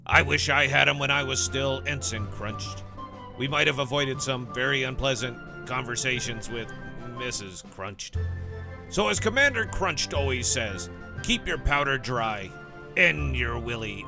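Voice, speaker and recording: A man voicing a bawdy, swaggering old pirate captain in a mock radio commercial, with a gruff growl. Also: medium pitch. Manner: lewd, swaggering.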